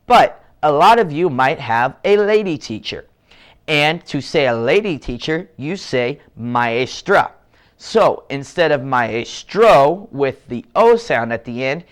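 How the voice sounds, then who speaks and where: Slow, clear-voiced man teaching children. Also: medium pitch. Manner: encouraging, slow and deliberate with drawn-out model words. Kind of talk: children's language lesson.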